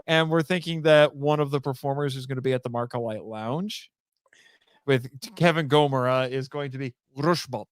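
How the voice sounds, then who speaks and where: Casting: relaxed, good-humored male host, smooth clear tone, dry close sound. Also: mid-range voice, moderate pace, no room sound. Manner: easygoing, laughs often. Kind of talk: casual livestream chat.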